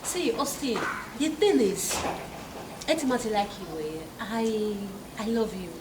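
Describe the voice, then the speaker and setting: A woman playing a sharp, dismissive young woman. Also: fairly high pitch, sing-song, measured pace, noisy background. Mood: hesitant. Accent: Nigerian Pidgin. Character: young woman rebuffing a pushy suitor. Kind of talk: comedy film acting. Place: outdoor residential compound.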